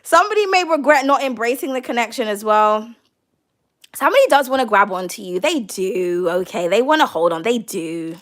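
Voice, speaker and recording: A British woman giving a casual tarot reading, brash and profane and quick to laugh. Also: a little high, a bit bright. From United Kingdom. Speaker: tarot card reader.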